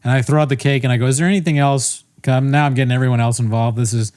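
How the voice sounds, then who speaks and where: A young man rambles through a funny story on a casual podcast, swearing freely and laughing at his own blunders. His voice sits at an average pitch and sounds dry and close, with almost no room around it. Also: fairly even intonation, rapid-fire, darkish tone, no room sound. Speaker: podcast co-host. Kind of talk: casual comedic podcast chat.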